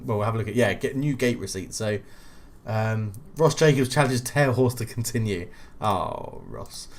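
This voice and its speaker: A young man hosting a football game playthrough, chatty and excitable, mumbling asides and shouting at goals. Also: medium pitch. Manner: excitable, swings between mumbled asides and loud goal calls. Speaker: video game channel host. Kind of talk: let's play commentary.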